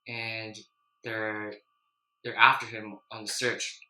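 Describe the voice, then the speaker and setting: A man casually chatting while eating spicy noodles, clearing his throat and sniffling, then recapping an anime in a loose, rambling way. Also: fairly low pitch, level tone, takes it slowly, pushed and bright, reverberant, low-quality recording. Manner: chatty, loose, with frequent restarts and "you know". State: runny nose from spicy food, clearing throat. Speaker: mukbang vlogger.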